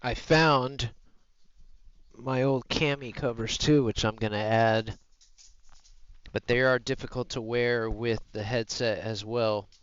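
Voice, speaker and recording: Smooth-voiced man chatting on stream. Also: mid-range voice, steady tone, takes it slowly, a bit bright, muffled recording. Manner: rambling, easygoing, chatty asides. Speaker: live streamer. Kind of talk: casual live-stream chat. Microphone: headset mic.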